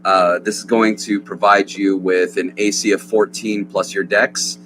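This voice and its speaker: A man narrating a tabletop game as game master, animated and quick to laugh. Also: low voice, a little hiss or hum, poor audio.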